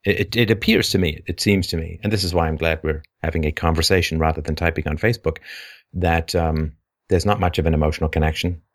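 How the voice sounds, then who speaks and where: Male call-in host, very low voice, frank and opinionated, thinks aloud with stumbles. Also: steady tone, quick pace. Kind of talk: call-in show conversation.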